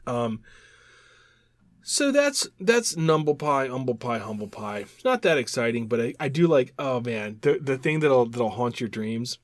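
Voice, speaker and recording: Animated rambling male podcast host. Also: mid-range voice, unhurried, no room sound. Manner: animated, rambling, repeats words while explaining. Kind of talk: casual chat.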